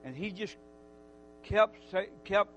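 A man giving an emotional sermon testimony, speaking heartfelt and repetitive, swinging between loud calls and hushed confessions. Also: sits high, expressive, slow, highs cut off, slight background noise. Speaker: preacher.

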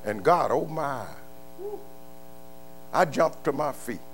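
An older man preaching a sermon, moving from quiet murmured storytelling to loud, impassioned shouts. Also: medium pitch, lively intonation, measured pace, a little hiss or hum. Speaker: pastor.

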